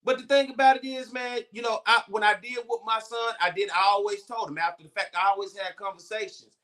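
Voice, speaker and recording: A man with a high, bright, forceful voice talks bluntly in a casual podcast chat. He cusses freely and acts out the people in his stories. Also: a little fast. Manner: blunt, animated storytelling with profanity. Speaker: co-host.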